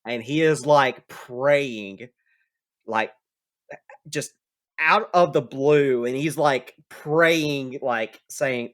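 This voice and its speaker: A man's voice: medium pitch, extremely slow, fairly bright tone. A man narrating as game master of a tabletop game, casual and hesitant with fillers.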